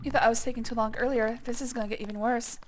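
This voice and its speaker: A woman's voice: fairly high pitch, fairly even intonation, racing. A woman streamer giving casual let's-play commentary, rambling with self-mocking jokes. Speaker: streamer playing a game. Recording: game music clearly behind.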